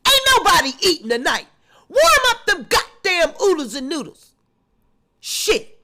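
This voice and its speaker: A woman voicing a panicked, furious female blogger who yells and swears. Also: very high voice, big pitch swings, measured pace, heavily acted. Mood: ranting. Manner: yelling, profane rants.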